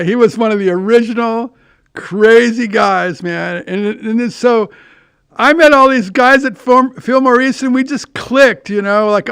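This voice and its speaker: A man's voice: sits high, fairly bright tone, clear, resonant tone, no echo, clean studio sound. An older man hosting a podcast, telling rambling anecdotes in a casual monologue with frequent restarts and profanity. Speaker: podcast host.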